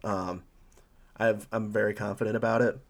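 A man with a fairly low voice, chatting loosely as a podcast co-host. He hesitates and restarts, but he sounds keen. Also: level tone, normal speed, gravelly. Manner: hesitant, filler-heavy, enthusiastic. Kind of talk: casual chat.

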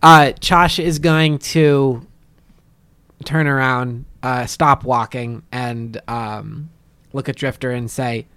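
A man playing a tabletop game, describing his character's moves with a hesitant, halting manner. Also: mid-range voice, fairly even intonation, fairly bright tone, smooth, no echo. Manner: slow, hesitant, many fillers. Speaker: player.

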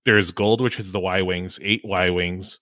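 A man hosting a podcast in casual chat, chatty and quick to laugh, often trailing off mid-sentence. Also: sits low, fairly even intonation, bright, forceful tone, dry recording. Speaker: podcast host.

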